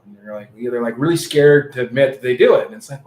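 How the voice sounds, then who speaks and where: A man co-hosting a casual podcast, an animated storyteller who acts out the people he quotes. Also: medium pitch, fast talker, hardly any pauses, a little hiss or hum. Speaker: podcast co-host. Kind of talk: casual chat. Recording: echoey room with faint ambience.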